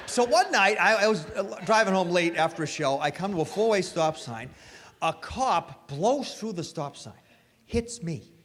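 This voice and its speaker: A middle-aged man performing a stand-up comedy set with animated, punchy storytelling, recorded live on stage. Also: high voice, moderate pace. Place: comedy stage before an audience. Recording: live hall with reverb, faint noise.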